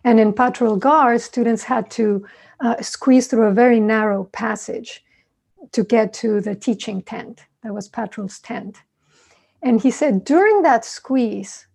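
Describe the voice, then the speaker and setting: Gravelly-voiced woman giving a dharma talk. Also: a little high, darkish tone. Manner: conversational storytelling, thoughtful asides. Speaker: meditation teacher.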